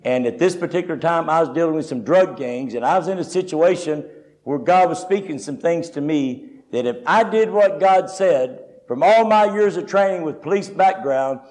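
A male preacher delivering a story-driven sermon at a conference. His voice sits high and his delivery is folksy and plain-spoken. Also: expressive, normal speed. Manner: folksy storytelling, varied loudness.

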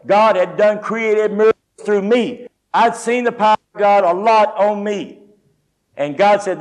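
A man preaching, telling a folksy, animated personal story with quoted speech. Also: sits high. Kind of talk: sermon testimony storytelling.

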